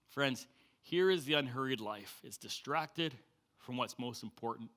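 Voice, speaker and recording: A man preaching a sermon as pastor, telling stories with lively delivery and acting out the quoted voices. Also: medium pitch, measured pace. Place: church sanctuary.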